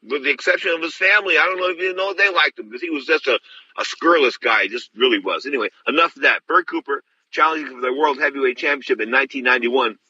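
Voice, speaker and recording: A man's voice: mid-range voice, fast, pushed and bright, breathy edge, dry recording, dull audio. A middle-aged man hosting a show, telling stories bluntly and rambling with many restarts. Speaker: host. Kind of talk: casual storytelling.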